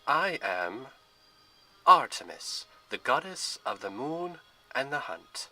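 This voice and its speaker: A man voicing a calm, commanding young goddess of the hunt in a storybook reading, with formal, measured speech. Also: mid-range voice, exaggerated voice. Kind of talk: storybook voice acting.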